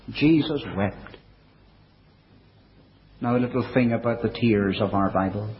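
A man preaching a sermon in a measured way, dropping his voice low and soft for quoted verses. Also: a little hiss or hum. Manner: measured preaching, quoting scripture in older English. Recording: dull, lo-fi recording.

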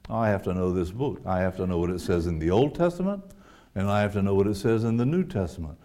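A man's voice: fairly low pitch, warm tone. A man preaching a sermon, earnest, quoting scripture and asking his listeners rhetorical questions.

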